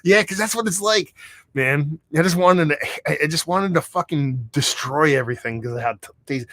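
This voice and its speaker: A man hosting a livestream beer review, talking in a rambling, excitable, heavily profane way. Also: on the high side, moderate pace, no room sound. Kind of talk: casual livestream chat. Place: home room.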